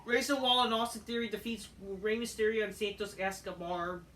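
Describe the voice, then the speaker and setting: A woman with a bright, pushy voice rants her way through a review, swearing freely and waving things off as she goes. She sits well back from the mic in a roomy, echoing space. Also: medium pitch, fairly quick, a little hiss or hum. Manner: profane, dismissive, rambling. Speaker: wrestling show reviewer. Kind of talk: casual review rant. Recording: echoey room, voice far from mic.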